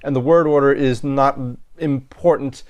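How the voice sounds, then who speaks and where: In this recorded Latin lecture, a man with a medium-pitched, slightly mellow voice thinks aloud as he works through sentences, often restarting and correcting himself. His intonation stays fairly even, his speed is normal, and the audio sounds dull.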